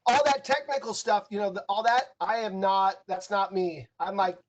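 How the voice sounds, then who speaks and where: Male singer, high voice, easygoing and laughing, casual call chat. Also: fairly even intonation, moderate pace. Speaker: singer, panel guest.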